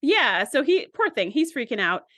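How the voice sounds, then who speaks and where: A fairly high-pitched woman chatting casually as a podcast co-host, retelling scenes with animated voices for each character. Her voice is close and dry, with little room sound around it. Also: moderate pace, dry recording. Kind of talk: casual chat recapping an episode.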